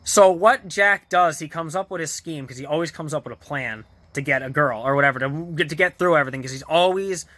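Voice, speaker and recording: A man's voice: on the high side, fairly quick, hardly any pauses, pushed and bright, dry recording. A man vlogger casually retelling a TV episode in a rambling way, full of fillers, restarts and small chuckles. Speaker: vlogger reviewing a TV show.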